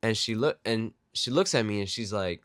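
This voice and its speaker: A young man telling a story from his job as a restaurant server in a casual rant, acting out customers in quick put-on voices. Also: lowish voice, expressive, a bit bright, dry recording, studio quality.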